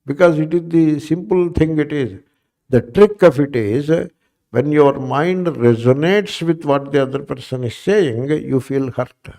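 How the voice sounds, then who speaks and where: Speaking in an unhurried, mellow voice that sits fairly high, this man teaches a Vedanta spiritual class. He goes over points repeatedly and keeps asking his audience questions.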